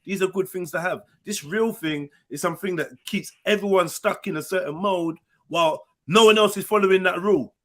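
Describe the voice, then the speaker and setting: Slang-heavy man, higher voice. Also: brisk, few pauses. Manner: animated, slang-heavy, acts out quoted voices. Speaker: panel host. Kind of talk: casual panel discussion.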